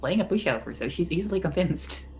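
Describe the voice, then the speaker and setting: A woman's voice: on the low side, lively intonation, quick pace, noisy background. A woman playing a tabletop game, talking casually and hesitantly with many restarts. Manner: hesitant, lots of restarts and fillers. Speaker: player.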